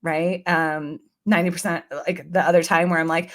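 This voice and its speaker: A woman's voice: fairly low pitch, level tone, moderate pace, hardly any pauses. A woman guest on a podcast, telling a personal story in an earnest, chatty way and acting out her own past thoughts.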